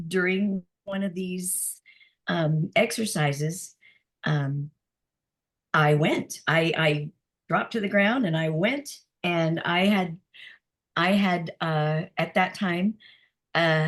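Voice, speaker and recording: A middle-aged woman, a healing practitioner, telling personal stories in a casual group chat, animated and laughing often, with many restarts. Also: sits low.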